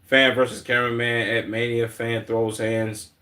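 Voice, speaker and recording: A man's voice: medium pitch, flat delivery, normal speed, pushed and bright. A man with a Chicago accent streaming and reacting to clips in blunt, slangy, heavily profane casual talk.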